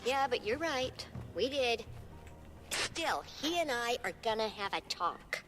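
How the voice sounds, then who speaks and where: A woman's voice: a little high, lively intonation, slow. An actress playing a blunt, sardonic female ally in a video game, wry in tone. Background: loud game music.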